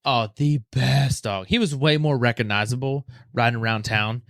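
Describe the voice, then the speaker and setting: A man's voice: mid-range voice, moderate pace, gravelly, fairly bright tone, dry recording. Podcast host, male, laid-back and rambling, dry close-mic sound. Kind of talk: casual storytelling chat.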